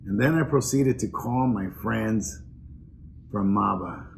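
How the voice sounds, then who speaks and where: An older man giving a personal, earnest introduction speech at an awards event, pausing with fillers as he reminisces. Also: lowish voice, vocal fry, a little hiss or hum. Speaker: award presenter.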